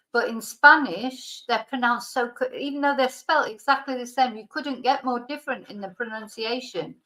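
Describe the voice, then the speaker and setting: Bright-voiced woman chiming in. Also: on the high side, rough recording. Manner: conversational, chiming in with remarks. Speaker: co-host of a language lesson.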